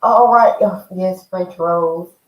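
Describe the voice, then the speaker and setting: A woman chatting in an animated way as she reviews a reality show, calling her viewers "y'all" and "honey.". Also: lowish voice, slow pace, dull audio. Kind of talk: casual chat. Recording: roomy, mic at a distance.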